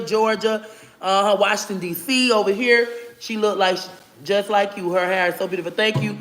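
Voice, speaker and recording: A man's voice: sits high, fairly bright tone, slight background noise. A man hosting a casual livestream on a phone, rattling off viewers' hometowns with loose, friendly asides and endearments like "baby". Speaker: livestream host. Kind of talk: casual livestream shout-outs.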